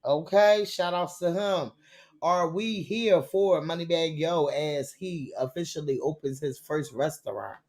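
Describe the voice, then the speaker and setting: Emphatic, profane gossip-show host. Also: male voice, a little high, unhurried, a little mellow. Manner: emphatic, profane, catchphrase-heavy. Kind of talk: celebrity gossip commentary.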